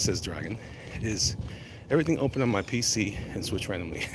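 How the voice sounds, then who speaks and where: A man's voice: medium pitch, big pitch swings, fairly quick, background noise. Chatty man vlogging on a cold walk. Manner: rambling, chatty, reads out viewer comments. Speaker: vlogger answering live chat. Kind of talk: casual walk-and-talk livestream chat. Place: outdoors walking in the cold.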